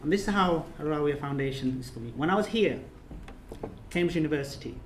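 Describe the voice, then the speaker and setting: An earnest man gives a heartfelt thank-you speech in a reception room, repeating key phrases as they build. His voice sits fairly high for a man. The room is reverberant, with a faint hum of ambience behind him. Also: expressive, brisk. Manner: earnest, repetitive, building to emphatic peaks. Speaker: course leader giving a speech. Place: reception room of an official residence.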